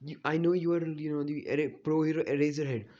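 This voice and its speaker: A man's voice: on the high side, fairly even intonation, fast, warm tone, highs cut off, natural voice. A man speaking the lines of an earnest teenage boy hero in a casual retelling, barely acted. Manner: plainly told, barely acted.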